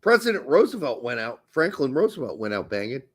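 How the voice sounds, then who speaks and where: A man's voice: mid-range voice, sing-song, fairly quick, slightly rough. A man co-hosting a casual soccer podcast, blunt and crude, talking emphatically. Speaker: podcast co-host.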